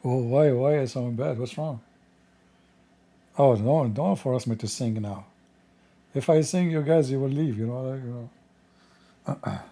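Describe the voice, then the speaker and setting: A man hosting a scornful commentary, mocking and insulting in broken English, his voice strained and rough today. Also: medium pitch, warm tone. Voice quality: non-native English with broken grammar. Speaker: host.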